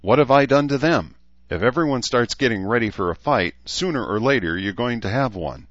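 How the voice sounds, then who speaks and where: A man's voice: mid-range voice, lively intonation, brisk, fairly bright tone, no echo, lo-fi sound, pitched above the performer's own voice, close to an everyday voice. A man reading an audiobook voices an idealistic young woman who argues back with indignation. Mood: indignant. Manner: indignant, challenging.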